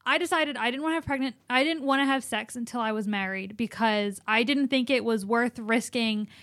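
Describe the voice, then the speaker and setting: Measured young woman sharing her views. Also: on the high side, fairly bright tone, no room sound, studio quality. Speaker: podcast co-host. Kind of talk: casual opinionated chat.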